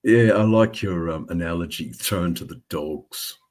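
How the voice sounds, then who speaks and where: A man's voice: low voice, unhurried, a little mellow. A middle-aged Australian man co-hosting a casual livestream chat, rambling with lots of restarts and fillers. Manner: rambling, hesitant, full of restarts. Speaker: livestream co-host.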